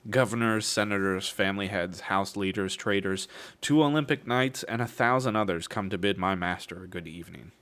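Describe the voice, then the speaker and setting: A man's voice: low-pitched, fairly quick, a bit bright. A man streaming a casual book reading, breaking off with wry, swearing jokes between passages. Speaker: streamer reading a novel aloud.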